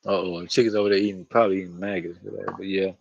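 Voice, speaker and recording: A man's voice: low-pitched, level tone, racing, gravelly, darkish tone, slightly rough, no echo, muffled recording. A man talking to camera outdoors in a loose, rambling monologue, slangy and profane, often laughing. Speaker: vlogger.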